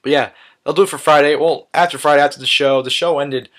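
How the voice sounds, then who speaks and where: A man's voice: on the high side, steady tone, quick pace, fairly bright tone. A young man giving a casual, enthusiastic recap in his own words, often saying "awesome" with many fillers and restarts. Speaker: vlogger recapping a live wrestling event.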